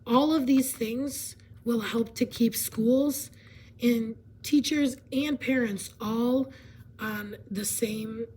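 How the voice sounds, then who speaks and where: A woman hoarse from laryngitis, partly whispering as she explains a presentation in a casual way, with fillers and frequent throat clearing. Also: on the high side, slow, a little mellow, slight background noise, low-quality recording.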